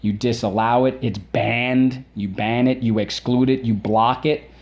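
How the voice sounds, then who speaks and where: Male teacher for a kids' spelling class. Warm, mellow tone, encouraging, repeats words slowly. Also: medium pitch, fairly even intonation, dull audio. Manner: drills words aloud, repeats them slowly and emphatically; encouraging, asks questions and praises. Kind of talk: spelling lesson for children.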